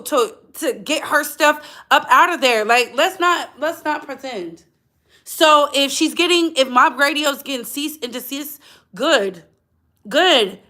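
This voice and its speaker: Woman, gossip livestream host, bright, somewhat high, blunt, chatty, casual commentary. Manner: chatty and blunt, talks to chat directly.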